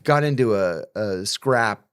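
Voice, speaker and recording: A middle-aged man telling stories in a loose, conversational way. His pitch swings widely as he acts out the quoted back-and-forth, and he swears freely. The delivery is lively and animated. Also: takes it slowly, smooth. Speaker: guest telling prison stories. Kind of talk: casual storytelling conversation.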